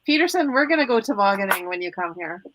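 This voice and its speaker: A woman from Canada joining a live sale stream over a call, bubbly and quick to chime in. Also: mid-range voice, animated, background noise. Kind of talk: live online sale chat. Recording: dull lo-fi call audio.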